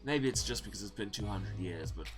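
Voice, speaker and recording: A game streamer voicing a tired, centuries-old vampire in a low, subdued way. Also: lively intonation, a little fast, over music. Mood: weary.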